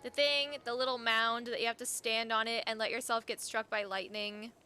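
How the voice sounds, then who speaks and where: A woman's voice: on the high side, normal speed, clean tone. Chatty Wisconsin woman streaming a game. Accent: light Wisconsin Midwestern. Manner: chatty, excitable, laughs often, talks to chat. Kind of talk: casual live-stream chat while playing.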